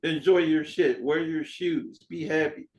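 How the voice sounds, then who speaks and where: A man hosting a podcast in casual chat, an animated storyteller who acts out dialogue and swears freely. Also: fairly high pitch, measured pace, low-quality recording. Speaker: podcast host.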